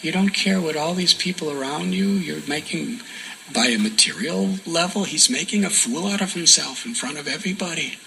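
A man giving a sermon as a devotional story, soft-spoken and often dropping to a near whisper for emphasis. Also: a little high, expressive, moderate pace, vocal fry, slight background noise, poor audio. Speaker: spiritual teacher.

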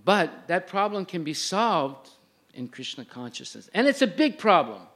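An older man teaching a spiritual lecture in a fairly high voice. He moves between plain, patient explanation and verses recited in a chanting lilt. The talk has a steady, lecturing rhythm. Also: moderate pace. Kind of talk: religious lecture.

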